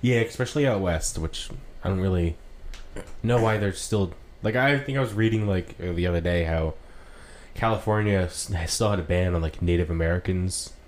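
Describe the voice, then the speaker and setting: A man's voice: deep voice, normal speed. A man chatting casually as a podcast co-host, rambling with lots of fillers and mocking quotes. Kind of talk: casual chat. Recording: faint background hiss.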